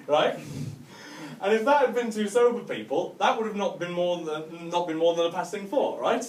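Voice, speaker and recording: A man's voice: high voice, moderate pace, a little mellow, reverberant, recorded from a distance, a little hiss or hum. A man from Cumbria telling a rambling stand-up story to a live audience, laughing at his own jokes and tagging lines with "right?". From northwest England (Cumbria). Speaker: stand-up comedian. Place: hotel function room, live audience.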